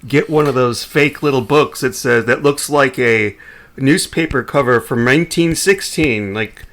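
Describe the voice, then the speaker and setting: A man co-hosting a podcast in casual chat, animated and jokey, often trailing off and restarting his sentences. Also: mid-range voice, a little slow, creaky. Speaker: podcast co-host.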